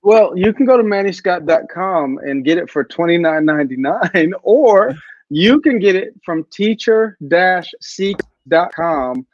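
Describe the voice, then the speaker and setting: A man's voice: sits high, unhurried, dry recording, muffled recording. A man speaking as a guest over a video call, telling a personal story with animation and acting out the voices of others. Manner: animated storyteller who acts out quotes. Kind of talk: storytelling interview answer.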